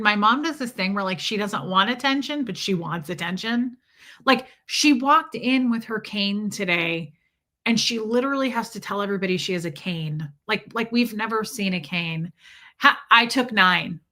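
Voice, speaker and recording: Bright, rambling woman livestreaming. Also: mid-range voice, normal speed. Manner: rambling, greets chat names mid-story. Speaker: livestream host. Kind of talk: casual livestream chat.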